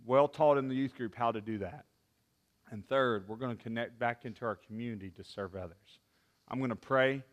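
A man preaching a sermon as a youth pastor, impassioned, with restarts, swinging from loud to hushed. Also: mid-range voice.

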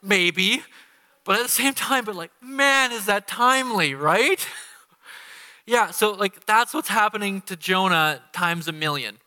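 A man's voice: high voice, measured pace. A man preaching a guest sermon in a church, talking casually and animatedly, acting out the quotes he tells. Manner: animated, conversational, acts out quotes with laughter. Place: church sanctuary. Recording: long hall reverb.

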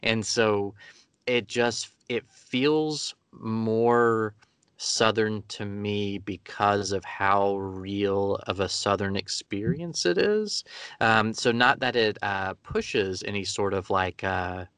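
A man in his thirties from Georgia speaks as a co-host, musing reflectively as he works through his thoughts. His fairly low voice has a bright, forceful edge. The recording is dry and close, with no room sound. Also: slow pace, clear, resonant tone, dry recording. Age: 30s. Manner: reflective, thinking aloud. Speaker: podcast co-host. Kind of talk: casual interview chat.

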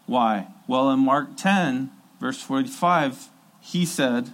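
A man's voice: mid-range voice, slow, fairly bright tone, rough recording. A man preaching a sermon in an earnest, emphatic way, repeating key phrases for weight.

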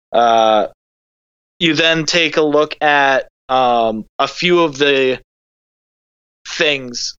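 A man's voice: mid-range voice, fairly bright tone, clean tone, no room sound, dull audio. A man speaking as a guest in a casual panel discussion, hesitant and full of ums and personal asides.

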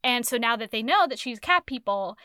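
A woman talks over a book in loose, rambling chat, her voice high and bright. She swears casually and keeps the tone animated. The recording is dry and close. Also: fairly quick, smooth, no room sound. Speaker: podcast co-host reviewing a book.

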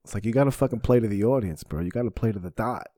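A man hosting a podcast, telling stories in casual chat, animated and full of swearing. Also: lowish voice, very fast, dry recording, studio quality. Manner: profane, animated storyteller. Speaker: podcast host.

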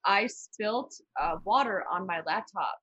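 A woman chatting casually on a podcast in a husky voice. She talks haltingly and scatters her thoughts, trailing off and restarting. The recording is dull, lo-fi and dry. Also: mid-range voice, animated, a bit bright, no echo. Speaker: podcast co-host. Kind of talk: casual chat.

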